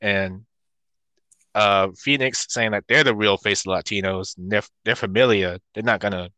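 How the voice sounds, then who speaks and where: A man's voice: fairly low pitch, normal speed, sharp tone, dry recording. A man co-hosting a casual chat, talking hesitantly with many fillers.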